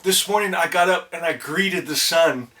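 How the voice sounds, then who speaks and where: Effusive high-voiced spiritual host. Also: male voice, normal speed, bright, forceful tone. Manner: effusive, repeats "my friends", stammers and restarts. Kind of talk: heartfelt spiritual talk to viewers. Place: indoors at home. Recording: voice a bit distant from the mic.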